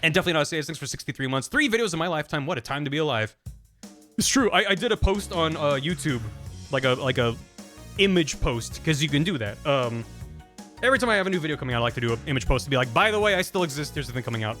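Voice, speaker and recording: A man's voice: a little high, expressive, fast, a bit bright, soft background music. A young man chatting casually on a live stream, rambling with frequent stammered restarts.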